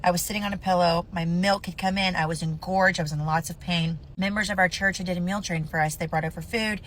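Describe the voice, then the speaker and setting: A woman's voice: lowish voice, steady tone, fast, fairly bright tone, a little hiss or hum. A woman in her thirties telling a painful personal story to camera, blunt, profane and impassioned.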